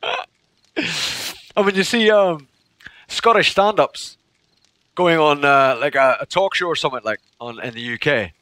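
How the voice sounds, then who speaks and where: A man chats loosely with his viewers while he plays, breaking into laughter again and again. His voice sits a bit high and swings up and down a lot. The tone is bright and heard close, with no room sound. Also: lively intonation, a little slow, no room sound. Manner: chatty, laughs often. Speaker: game streamer. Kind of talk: casual livestream chat with viewers.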